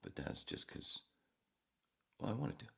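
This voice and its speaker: A man's voice: a little slow, slight background noise. A man hosting a podcast, rambling and ranting with heavy profanity in a casual monologue. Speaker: podcast host.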